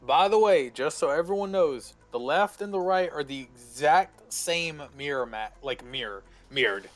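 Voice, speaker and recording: A man's voice: fairly high pitch, lively intonation, moderate pace, no room sound, faint music behind. A man acting as game master, narrating the players' actions in loose, laughing run-on sentences on a voice call.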